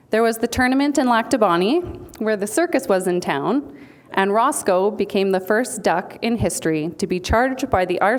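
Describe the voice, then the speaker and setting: Woman, mid-range voice, witty punning acceptance speech read from notes. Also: medium pitch. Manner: playful punning delivery. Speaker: speaker accepting an award for a team. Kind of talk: humorous prepared speech. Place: banquet hall.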